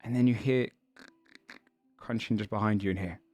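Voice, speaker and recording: A man running a tabletop game as game master, describing the scene in halting, filler-laden narration. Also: lowish voice, steady tone, a little mellow, no echo.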